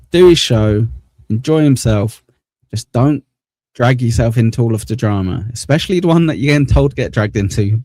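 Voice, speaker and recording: Male host, mellow tone, dry mic, loose rambling chat. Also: mid-range voice, no echo. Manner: rambling, repeats himself, laughs often. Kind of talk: casual livestream commentary.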